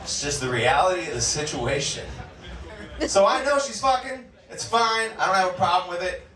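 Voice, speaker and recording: A man's voice: sits high, expressive, moderate pace, a bit bright. A man in his forties from California doing a crude, profane stand-up set, often laughing at his own jokes. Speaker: stand-up comedian. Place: comedy club stage. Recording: roomy club sound, mic far off.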